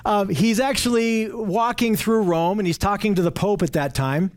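Man with a high voice leading a group Bible study, earnest and explanatory. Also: moderate pace. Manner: earnest and explanatory, often asks the group questions.

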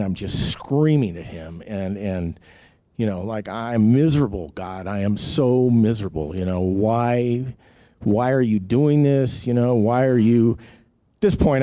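Low, dark-voiced man telling his story. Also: no room sound. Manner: rambling, candid, heavy with fillers and restarts. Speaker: testimony speaker. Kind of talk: personal testimony storytelling.

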